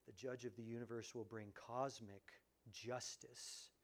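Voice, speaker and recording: A male pastor delivering a lively sermon. He swings from loud, excited outbursts to hushed, almost whispered lines. He acts out the voices he quotes, with a mid-range voice. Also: medium pitch, measured pace.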